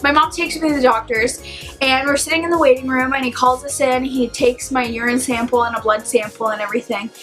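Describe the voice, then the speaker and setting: A young woman tells her own story in a relaxed, casual vlog. Her voice sits high, and she talks in an animated, chatty way with plenty of "like". Soft music plays quietly underneath. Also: fairly quick. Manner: chatty, animated, heavy use of "like". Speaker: vlogger.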